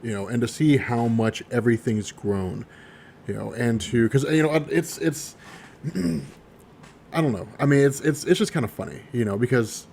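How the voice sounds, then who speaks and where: A man's voice: medium pitch, moderate pace, gravelly, a little mellow, a little hiss or hum. A man co-hosting a podcast, rambling in a casual chat with many fillers. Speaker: podcast co-host.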